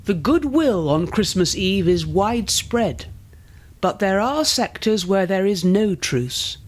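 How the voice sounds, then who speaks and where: A man narrating a documentary in an even, measured, scripted way. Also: high voice.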